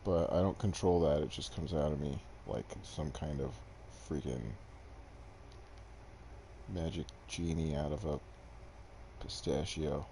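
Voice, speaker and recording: A man's voice: rumbling low, a little slow, gravelly, warm tone, slight background noise. A young man streaming gameplay to a desk mic, chatting casually with viewers in a rambling, self-deprecating way. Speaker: game streamer. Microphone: desk microphone.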